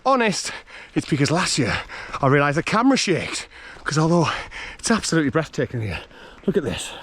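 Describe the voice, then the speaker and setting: Husky and fairly bright, this man's voice is fairly high-pitched with big pitch swings and a slightly fast pace. He's a running vlogger from North East England, accent to match, commenting casually on his trail run over an outdoor hill and woodland route. Breathless, he chats cheerily, laughs often and greets passing runners.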